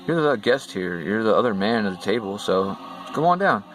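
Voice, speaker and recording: A man's voice: on the low side, big pitch swings, moderate pace, fairly bright tone, rough recording. A man doing a stern, preachy father of the house. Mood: insistent. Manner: firm, insistent, lecturing. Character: stern middle-aged husband, preachy head of house. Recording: music playing behind.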